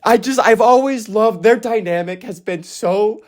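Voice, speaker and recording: A man reacting to a story he loves in a casual, excited way. He swears freely, stumbles over his own sentences and gets emotional. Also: measured pace. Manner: voice jumps up into high emotional squeals. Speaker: anime and manga reaction youtuber.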